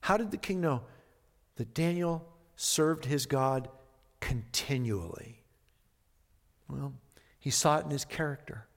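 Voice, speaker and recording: A man's voice: medium pitch, takes it slowly, pauses often. A male pastor preaching a sermon, reading scripture with dramatic emphasis and then talking it over conversationally. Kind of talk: expository sermon. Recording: long hall reverb.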